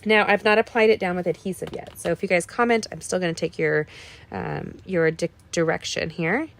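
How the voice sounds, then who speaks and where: A woman's voice: lowish voice, steady tone, fairly quick, gravelly. A middle-aged woman hosting a live card-making tutorial, chatting folksily with viewers as she works. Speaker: card-making livestream host. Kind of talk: casual crafting tutorial.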